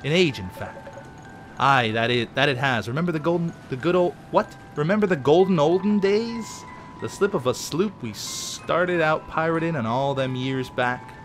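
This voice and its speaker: A man's voice: a little high, normal speed, faint music behind, close to an everyday voice. A man voicing a crew of ghostly male pirates with a growling, hammy drawl full of "arr". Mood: swaggering. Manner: hammy, playful over-acting.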